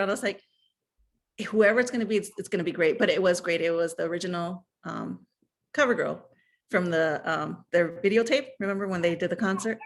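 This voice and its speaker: A woman in her thirties or forties telling a personal story in a chatty, animated way, full of fillers and asides. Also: lowish voice, brisk, gravelly. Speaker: guest sharing fan memories. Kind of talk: casual storytelling chat.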